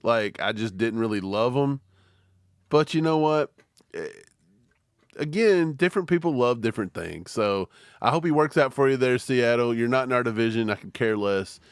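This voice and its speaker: A man's voice: medium pitch, normal speed, clean tone, no echo, studio quality. A man co-hosting a live football draft reaction stream, talking casually and slipping into silly impressions. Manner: animated, mimics people in silly voices. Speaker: co-host.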